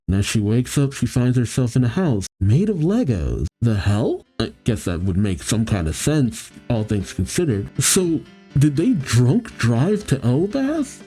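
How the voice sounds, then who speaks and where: Animated man reading manga aloud. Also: mid-range voice, a little slow, soft background music. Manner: animated, chatty reactions. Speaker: manga reaction host.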